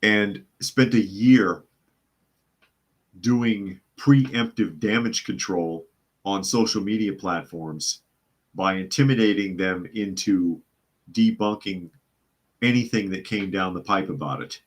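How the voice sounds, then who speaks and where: A podcast host with a low voice and measured pace runs a live news show, reading out reports and chat comments and answering them with sardonic remarks.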